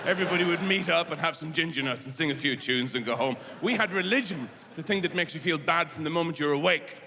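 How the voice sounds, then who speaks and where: Rambling Irish comedian with a high voice. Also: male voice. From Ireland. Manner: rambling, halting, bursts into shouted rants. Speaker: stand-up comedian. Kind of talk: stand-up comedy. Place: large theatre stage. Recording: live theatre with long reverb and audience noise.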